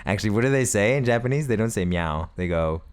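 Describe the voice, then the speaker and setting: A man's voice: lowish voice, animated, fast talker, clean tone. Rambling, jokey gamer man. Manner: rambling, jokey, laughs often. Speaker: let's play host. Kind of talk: casual gameplay commentary. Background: game music.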